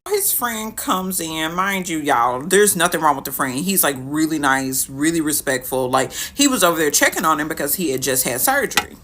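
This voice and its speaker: A woman telling a dating story in casual storytime style, animated and dramatic. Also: low voice, normal speed, hardly any pauses. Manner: animated, dramatic retelling with quoted voices.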